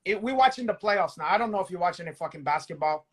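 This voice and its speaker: Casting: male co-host, high pitch, crude playful banter. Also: expressive, rapid-fire, husky. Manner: joking, profane banter. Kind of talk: casual chat.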